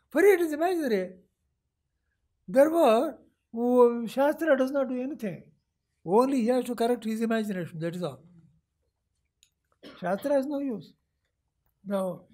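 A man with an Indian accent lectures on scripture as a spiritual teacher, his voice pitched fairly high for a man. He explains step by step, often pausing to ask whether his listeners have followed, and now and then acts out a seeker's doubts in quoted lines. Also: a little mellow. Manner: explains patiently, keeps checking if listeners follow.

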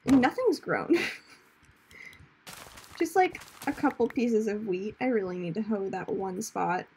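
A young woman streaming a game, chatting casually, reading chat aloud, laughing often and breaking into loud screams at enemies. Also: medium pitch, lively intonation, moderate pace, slight background noise. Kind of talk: casual gaming commentary.

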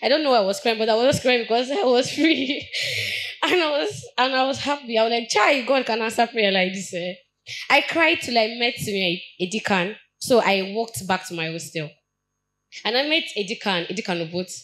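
A young adult woman with a Nigerian accent, giving a personal testimony at a church Bible study in an earnest, halting way, often restarting her sentences. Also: a little high, animated, a bit bright, low-quality recording.

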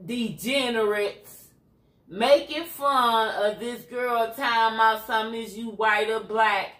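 A Chicago woman with a Chicago accent rants on her channel, blunt and streetwise, with a preachy edge. Her voice sits fairly high and she takes her time with each phrase. The room around her is echoey. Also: unhurried, fairly bright tone. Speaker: YouTuber. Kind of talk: ranting commentary livestream.

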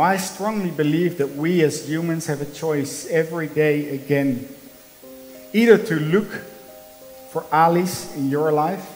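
A man's voice: fairly high pitch, a little mellow, long reverb tail, poor audio. A man in his thirties from the Netherlands with a Dutch accent, giving an earnest, emphatic motivational talk to a conference, telling stories in his second language. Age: 30s. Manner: earnest, emphatic, storytelling with small slips in English. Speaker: conference speaker. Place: conference hall.

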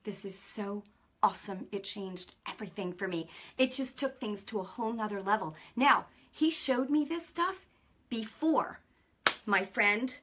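A middle-aged woman hosting a faith show, telling a personal testimony in an animated, conversational way and acting out the dialogue. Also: on the high side, breathy edge. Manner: animated storytelling, acts out dialogue; conversational, many fillers. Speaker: host.

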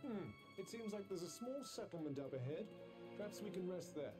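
An actor voicing a haughty, wry talking magic bracelet who speaks dry and formal. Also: male voice, sits high, animated, a little fast. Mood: dry, lofty. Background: game music.

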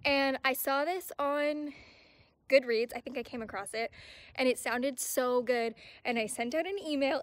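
A woman chatting in a casual book vlog, gushing over a book she has just received and talking with breathless excitement. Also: high-pitched, normal speed, dry recording, studio quality. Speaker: book vlogger.

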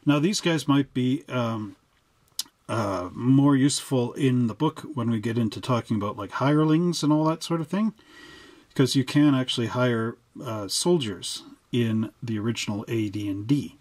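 A man at a middle pitch talks through model kits in a loose, rambling way, dropping the odd joke as he goes. His voice is recorded dry and close, with no room sound. He sounds like a hobby host chatting to his viewers. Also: moderate pace, a little mellow, no echo. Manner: chatty and digressive, with joking asides. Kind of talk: casual hobby explainer, showing model kits.

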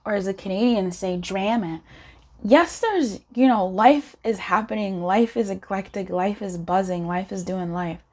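Woman, tarot reader, casual and encouraging, medium pitch, voice lifts when animated. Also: normal speed, hardly any pauses. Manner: chatty and encouraging, laughs often, voice rises when animated. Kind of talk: casual pick-a-card tarot reading.

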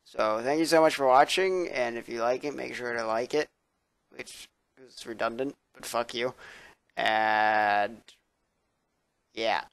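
A young man rambles to his webcam late at night, tired and sarcastic, with plenty of swearing. His voice sits at an ordinary pitch. The sound is dry and close, with no room echo. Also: takes it slowly, fairly bright tone. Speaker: vlogger. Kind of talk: casual rambling vlog. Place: indoors at his computer.

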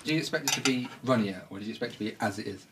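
A man's voice: medium pitch, very fast, heavy background noise. A man at a dinner party, talking bluntly and confidently about food and himself. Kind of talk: casual chat and interview asides.

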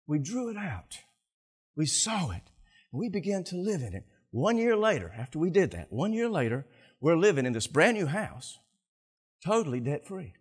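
Guy preaching, really lively up and down delivery, kinda husky, acts stuff out. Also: on the high side, normal speed. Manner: animated storytelling, acts out scenes, repeats words. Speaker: pastor. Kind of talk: sermon.

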